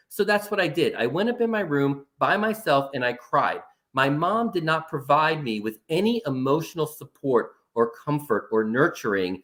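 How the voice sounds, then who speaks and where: A man's voice: fairly high pitch, sing-song, normal speed, fairly bright tone. A man making emphatic points in a casual discussion about mental health, repeating phrases for stress. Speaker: panel speaker on mental health.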